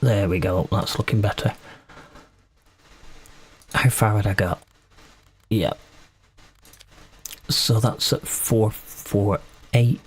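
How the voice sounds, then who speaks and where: A man's voice: fairly low pitch, slow pace, pauses often, breathy edge. A man casually commenting on his own gameplay while streaming, chatty and self-mocking as he talks to himself.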